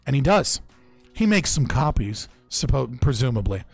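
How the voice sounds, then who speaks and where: A man's voice: medium pitch, big pitch swings, moderate pace, vocal fry, husky, no room sound, faint music behind. A young man casually recounting political history on a podcast, loose and profane, often restarting his sentences. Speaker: podcast speaker.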